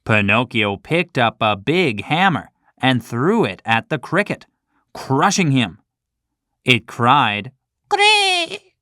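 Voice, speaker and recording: A woman narrating a children's storybook in a clear, slow, expressive reading style. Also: extremely low pitch, no room sound, clean studio sound.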